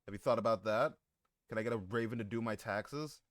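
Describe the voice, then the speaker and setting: A man's voice: on the low side, fairly quick, no echo, clean studio sound. A man live-streaming who chats casually with his viewers, joking, swearing and laughing often.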